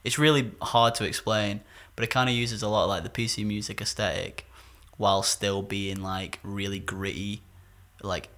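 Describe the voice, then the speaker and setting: A man's voice: lowish voice, flat delivery, moderate pace, fairly bright tone. A man co-hosting a podcast in a rambling casual chat, full of fillers. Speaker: podcast co-host; musician.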